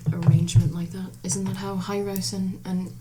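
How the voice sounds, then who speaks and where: A woman player speaking in character in a tabletop game, gently asking probing questions, often close to a whisper. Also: fairly low pitch, little pitch movement, normal speed. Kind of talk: in-character tabletop role-play. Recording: background noise.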